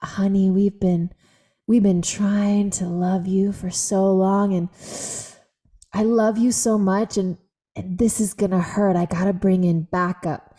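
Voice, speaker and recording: Soft coaxing angel, a woman putting it on, motherly and patient, mid-pitched voice. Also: level tone, unhurried, close to an everyday voice. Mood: tender.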